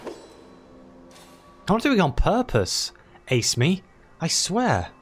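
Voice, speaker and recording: An impulsive young woman paladin from a fantasy game, as a man puts her on, speaking earnestly in a lifted, higher voice. The tone climbs and dips with feeling. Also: huge pitch swings, very slow, soft background music, exaggerated voice.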